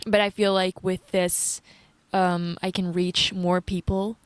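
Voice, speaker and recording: A young woman, talking candidly to camera in a personal vlog, halting, filling gaps with "like" and swearing often. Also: fairly low pitch, level tone, clear, resonant tone, no room sound. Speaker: vlogger.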